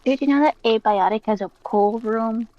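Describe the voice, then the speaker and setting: A woman teases her stream partner in easy, playful chat. Her voice sits a little high. Her audio comes through slightly dull and lo-fi. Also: normal speed, dark tone, no echo. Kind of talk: casual chat.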